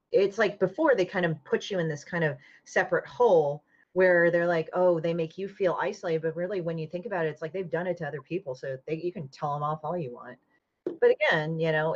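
A woman comic artist in casual podcast chat, talking bluntly and swearing freely as she retells a falling-out with lively energy. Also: on the low side, fairly quick. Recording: dull lo-fi audio.

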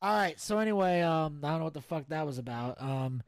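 A man's voice: on the high side, lively intonation, fairly quick, no echo, clean studio sound, lightly acted. A man putting on a brash, profane mobster boss who rants with swagger and curses constantly. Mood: cocky. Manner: swaggering, cursing, blustery rants.

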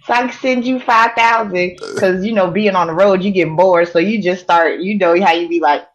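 Woman, casual chat guest, animated storyteller, slightly low voice, dull lo-fi recording. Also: unhurried. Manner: animated storytelling with acted-out quotes and laughter. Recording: dull lo-fi sound.

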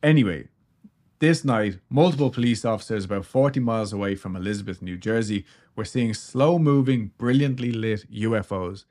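A man with a lowish voice hosts a casual podcast. He tells an eerie story in a loose, rambling way, cracking jokes and swearing as he goes. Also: normal speed, darkish tone. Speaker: podcast host.

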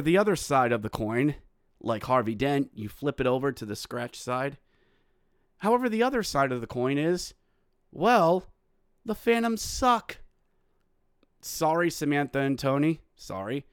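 A young adult man hosting a solo hockey podcast, mixing excited play-by-play goal calls with sardonic commentary. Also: medium pitch, moderate pace, smooth, no echo, clean studio sound. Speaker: podcast host.

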